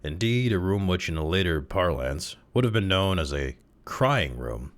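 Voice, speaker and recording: A man casually reading a classic short story aloud, with expressive, dramatic delivery. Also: deep voice, normal speed. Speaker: narrator, audiobook reader.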